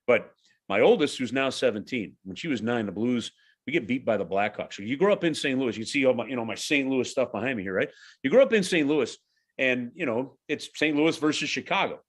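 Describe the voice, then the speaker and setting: Speaking in a mid-range voice, a man in his forties who calls hockey on the radio shares a story on a relaxed podcast, with animated delivery and frequent halting restarts.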